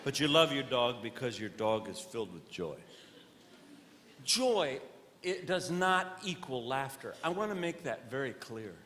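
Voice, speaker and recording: A man performing live stand-up comedy on stage. He questions audience members directly and swings between earnest preaching and loud comic bits. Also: medium pitch, expressive, unhurried. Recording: long hall reverb, faint noise.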